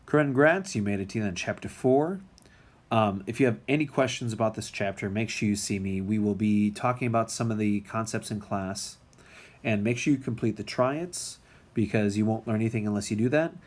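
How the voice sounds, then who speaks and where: A man's voice: on the low side, a little fast. A man teaching music theory in a recorded lecture, talking casually with many ums and restarts.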